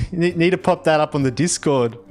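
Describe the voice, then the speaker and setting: An Australian man casually chatting on a game livestream, reading viewer messages and verse aloud in an expressive, giggly way. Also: a little high, normal speed, faint music behind. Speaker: game streamer.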